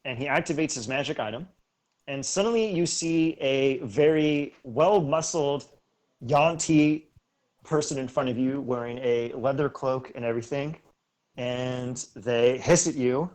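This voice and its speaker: A man running a tabletop game as game master, narrating casually with lots of ums and quick laughs. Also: mid-range voice, a little mellow. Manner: casual, easily laughing, with many fillers.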